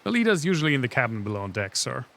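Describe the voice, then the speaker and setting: A man's voice: mid-range voice, very animated, racing, vocal fry, a bit bright. A man voicing a polite young cadet. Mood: dutiful. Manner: tacks a polite "sir" onto every line. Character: polite young male cadet, eager and dutiful.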